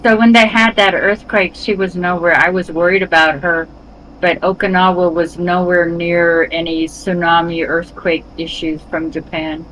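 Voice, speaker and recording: A woman's voice: lowish voice, little pitch movement, normal speed, fairly bright tone, a little hiss or hum, poor audio. A middle-aged woman chatting casually with friends while playing a game, often stopping and restarting her sentences. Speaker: streamer. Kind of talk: casual chat while gaming.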